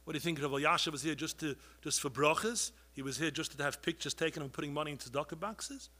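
Preacher guy, high bright voice, passionate, keeps pleading, everywhere. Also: fast. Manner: pleading, rises to loud outbursts, heavy Yiddish and Hebrew terms. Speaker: rabbi giving a talk. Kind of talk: impassioned sermon.

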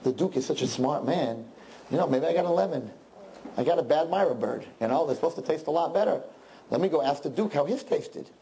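A man's voice: a little high, expressive, fairly quick, dark tone, rough recording. A man as a naive, earnest peasant. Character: naive excited middle-aged peasant man.

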